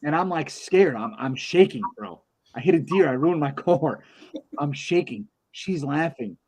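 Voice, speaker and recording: A man's voice: fairly high pitch, lively intonation, measured pace, darkish tone, slightly rough. A man on a podcast telling a long personal story in casual chat, acting out the voices in it and swearing freely. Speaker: podcast co-host.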